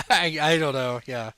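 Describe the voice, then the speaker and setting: Man, game master, gravelly voice, crisp bright tone, unhurried, thinks out loud. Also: medium pitch, no room sound. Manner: explains rules, thinks aloud with many fillers. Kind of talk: running a tabletop game online.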